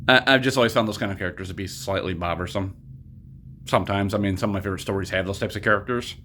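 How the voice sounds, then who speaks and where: A man's voice: sits low, rapid-fire, pushed and bright, slight background noise. A young man giving a casual spoken movie review, rambling, swearing freely and drifting off on tangents. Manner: rambling, profane, goes off on tangents.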